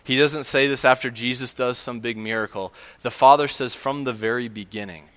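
Male pastor mid-sermon; bright, forceful tone, earnest and emphatic delivery. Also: mid-range voice, steady tone, moderate pace, big-room sound. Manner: earnest, emphatic, with fillers and restarts.

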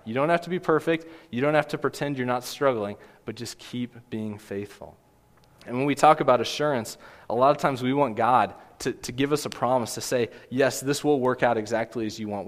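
A man in his twenties or thirties preaching a sermon as a pastor, earnest and gentle, with emphatic rises. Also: medium pitch. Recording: long hall reverb.

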